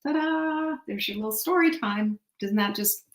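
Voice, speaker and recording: A woman's voice: a little high, moderate pace. Chatty woman retelling a folk tale. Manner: animated, chatty, keeps asking the audience guess what. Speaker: show host. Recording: echoey room.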